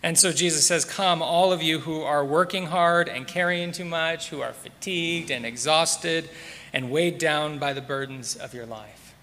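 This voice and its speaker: Bright-voiced pastor preaching in a reverberant hall. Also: male voice, fairly high pitch. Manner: measured, repeats key words for emphasis. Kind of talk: sermon. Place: church sanctuary.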